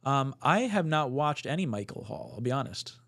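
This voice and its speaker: A man's voice: mid-range voice, very animated, moderate pace, a bit bright. A man hosting a casual live stream, chatting with co-hosts and reading viewer comments aloud. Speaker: podcast host.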